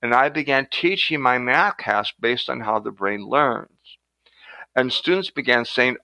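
Older man, gravelly voice, bright tone, dry recording, lively storytelling. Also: medium pitch, a little slow, no room sound, rough recording. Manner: animated storyteller who acts out quotes. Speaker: guest, retired professor. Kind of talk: storytelling in a podcast interview.

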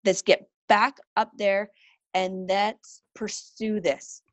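A woman in her thirties, a podcast guest, telling personal stories in an earnest, animated way and acting out quoted voices. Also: medium pitch, slow pace, no room sound. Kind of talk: casual interview talk.

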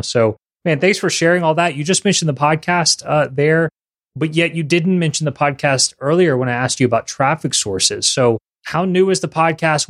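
Relaxed male podcast host. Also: mid-range voice. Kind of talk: casual interview conversation.

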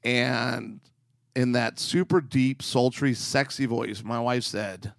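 A man's voice: medium pitch, slow, vocal fry, no room sound, studio quality. A man co-hosting a marriage podcast, chatting casually and playfully with his wife and joking as he tells a story.

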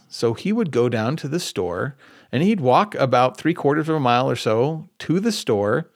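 A man hosts his own podcast and tells a story from home in an easy, rambling way, stopping now and then to fix his own wording. His voice has a rough, gravelly edge and sits at an ordinary middle pitch. The sound is close and dry, with no room around it. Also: lively intonation, moderate pace, dry recording. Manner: conversational, rambling with self-corrections. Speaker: podcast host. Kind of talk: casual storytelling monologue. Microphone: podcast microphone at computer.

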